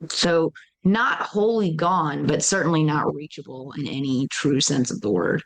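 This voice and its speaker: A woman playing a tabletop horror game, describing her character's end in a slow, thoughtful, reflective way. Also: deep voice. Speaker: player.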